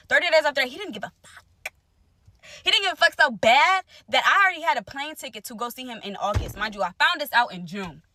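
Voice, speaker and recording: A young woman telling viewers a personal story in casual vlog talk, animated and direct, acting out what others said. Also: fast, no room sound. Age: young adult. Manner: animated, talks straight to viewers, acts out quotes; wide swings in pitch and loudness. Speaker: storyteller vlogger.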